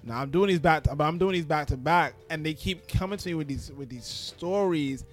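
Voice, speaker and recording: A man's voice: fairly high pitch, a little fast, faint music behind. A man hosting a hip-hop interview podcast, laid-back and chatty. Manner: laid-back, lots of backchannel. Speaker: host.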